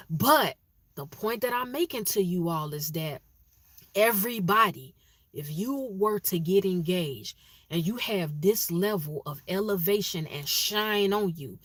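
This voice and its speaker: A woman telling a personal story to her viewers in a casual, animated way, jumping high in pitch when she acts out what people said, and turning to direct advice for her listeners. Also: dry recording. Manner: animated, acts out quotes with sharp pitch jumps; conversational, addresses listeners directly.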